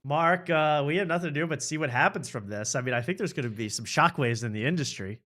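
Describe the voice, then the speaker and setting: A man's voice: a little high, fast talker, fairly bright tone. A man hosting a casual talk show, laughing often and repeating catchphrases. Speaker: host. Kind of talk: casual podcast chat.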